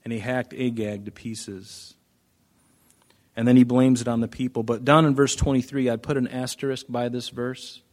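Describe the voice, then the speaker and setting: A pastor giving a casual, conversational Bible teaching with joking asides and frequent restarts. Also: male voice, mid-range voice, level tone, moderate pace, darkish tone.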